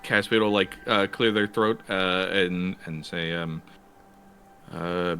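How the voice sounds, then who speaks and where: A man's voice: low-pitched, flat delivery, slow pace, bright, forceful tone, smooth, soft background music. A man playing his character in a tabletop game, swearing casually and stumbling over fillers. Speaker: player.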